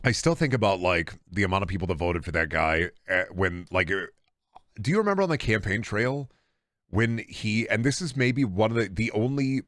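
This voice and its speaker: A man's voice: fairly low pitch, animated, moderate pace, a bit bright, dry recording, clean studio sound. A young man streaming a game, rambling and joking with profanity in casual chat.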